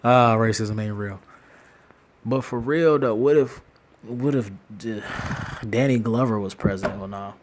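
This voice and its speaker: A man talking casually and in a rambling way, animated and slangy, laughing often and restarting his sentences. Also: mid-range voice, moderate pace, background noise. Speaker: commentator. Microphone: phone screen-recorder app.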